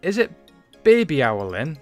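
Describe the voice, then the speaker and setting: Baffled neighbour man, clipped speech, puzzled, raised pitch, as a storyteller puts him on. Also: huge pitch swings, unhurried, darkish tone, faint music behind. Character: baffled male neighbour, slow and confused.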